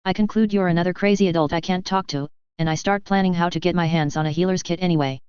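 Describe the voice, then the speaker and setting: A woman's voice: lowish voice, quick pace, darkish tone, clear, resonant tone, dry recording, highs cut off, lightly acted. A woman voicing a stern, grave older witch who teaches as a strict professor.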